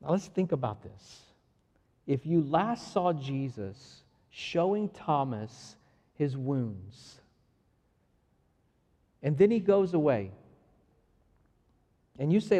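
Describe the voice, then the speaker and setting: A man's voice: fairly high pitch, slow, long pauses, big-room sound. A man preaching a sermon, acting out the lines of the passage as he reads and explains it. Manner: animated, acts out the dialogue of the passage. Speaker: pastor.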